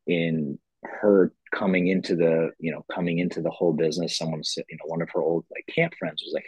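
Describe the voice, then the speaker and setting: Very deep, husky-voiced man telling his story. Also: lively intonation, a little fast, darkish tone, dry recording, low-quality recording. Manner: rambling, heavy use of "you know" fillers; earnest and reflective. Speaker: company founder, podcast guest. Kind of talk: casual interview storytelling.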